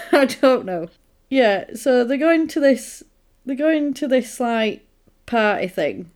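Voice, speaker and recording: Retelling a film for her podcast, a co-host speaks in a high, animated, slightly mellow voice at a slow pace, keeping the casual chat amused and sprinkled with quoted asides.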